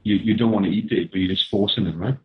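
A man speaking as a personal trainer guest on a podcast, giving calm, measured explanations over a remote call. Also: lowish voice, breathy edge. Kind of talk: casual podcast chat. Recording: tinny phone-like line.

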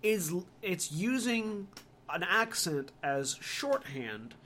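A man's voice: sits high, sing-song, slow, sharp tone, a little hiss or hum. A man from Georgia in the US, chatting casually on a podcast, rambling with fillers and restarts. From Georgia, USA. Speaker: podcast host.

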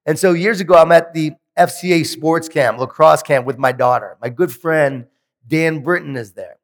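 Animated male keynote speaker in a reverberant hall. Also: on the high side, normal speed. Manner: animated storytelling with self-deprecating humor. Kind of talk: motivational keynote speech. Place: large conference hall.

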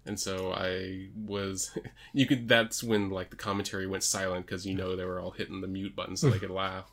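A man co-hosting a casual podcast with a fairly low, steady voice. He chats loosely and laughs his way through the stories he tells. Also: normal speed. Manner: chatty, laughs while telling stories. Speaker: podcast co-host. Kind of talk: casual chat.

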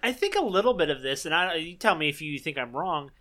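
A man co-hosting a podcast, chatting in an animated, enthusiastic way. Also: a little high, fast talker. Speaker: podcast co-host. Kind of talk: casual chat.

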